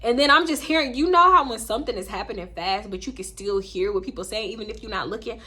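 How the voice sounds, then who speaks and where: Young woman from houston spilling a story real fast, bright husky voice, loud and animated. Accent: Southern US, Houston. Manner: animated, profane, acts out quotes in a squeaky high voice. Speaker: storytime YouTuber. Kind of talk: casual storytime vlog.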